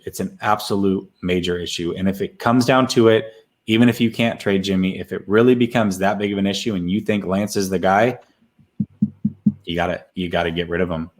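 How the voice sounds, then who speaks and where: A male co-host in casual sports chat, speaking in a blunt, emphatic way. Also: fairly low pitch.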